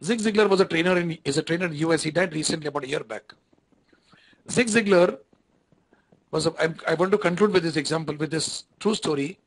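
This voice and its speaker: A lecturer with an Indian English accent speaks to his online class in a rather high voice. He talks conversationally, repeating phrases and often stopping to ask if the students are following. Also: brisk, rough recording.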